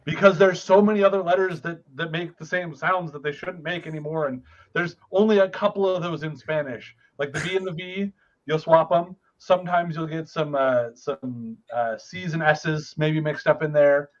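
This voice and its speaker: A man's voice: a little high, moderate pace, highs cut off. A man chatting as a guest on a live stream, explaining things in an easygoing, joking way. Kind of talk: casual live-stream chat.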